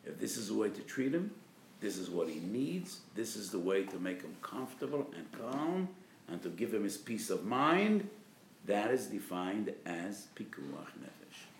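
Rabbi lecturer, male, low and very lively, emphatic, echoey room. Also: normal speed, a little hiss or hum. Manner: emphatic, rising to loud stresses on key terms; acts out patients and doctors in quoted voices. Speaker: rabbi giving a legal lecture. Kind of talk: spirited lecture on religious law.

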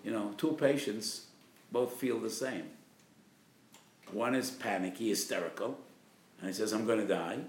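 A man, a rabbi, giving a spirited lecture on religious law, hitting key terms with loud emphasis and acting out quoted speakers. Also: fairly low pitch, measured pace, pauses often, echoey room, slight background noise. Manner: acts out patients and doctors in quoted voices.

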